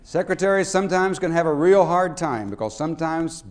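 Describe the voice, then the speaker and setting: Animated man telling stories to an audience. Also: fairly high pitch, brisk. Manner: storytelling, swings from hushed to loud and animated. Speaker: speaker. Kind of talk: talk to a live audience.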